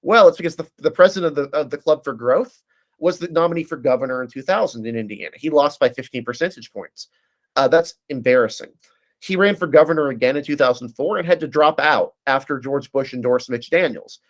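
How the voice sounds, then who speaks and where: A man speaking as a guest analyst in a casual political discussion, breaking down races quickly and often restarting his sentences. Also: medium pitch. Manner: fast, analytical, frequent restarts.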